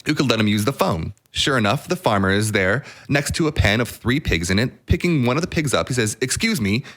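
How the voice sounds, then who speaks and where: A man's voice: medium pitch, animated, brisk, fairly bright tone. A man co-hosting a podcast in casual chat, telling a long joke in a playful, chuckling way. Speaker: podcast co-host.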